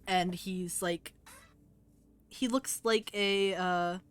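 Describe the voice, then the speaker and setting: A woman narrating a tabletop game as game master, descriptive and relaxed. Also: on the low side, extremely slow, clear, resonant tone.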